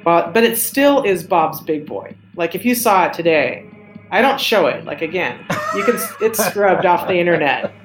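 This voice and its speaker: A woman's voice: fairly low pitch, lively intonation, normal speed. Chatty woman in an echoey room. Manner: chatty, rambling, with many fillers and restarts. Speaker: design studio co-founder, interview guest. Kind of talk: casual storytelling interview. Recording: roomy echo with faint music.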